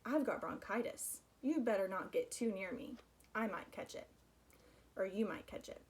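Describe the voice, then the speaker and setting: A woman's voice: mid-range voice, expressive, normal speed, darkish tone, slight background noise, natural voice. A woman voicing a tiny young mouse boy who talks in an eager, earnest way.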